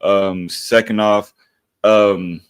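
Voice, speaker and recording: A man's voice: on the low side, steady tone, very slow, clear, resonant tone, no echo. A man in a heated live debate, blunt and insistent, cursing as he pushes his point.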